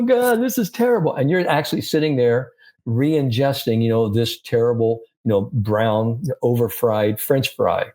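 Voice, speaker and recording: Animated storytelling man. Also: medium pitch. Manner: animated storyteller acting out quoted dialogue. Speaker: sports psychologist guest. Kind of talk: anecdotal interview storytelling.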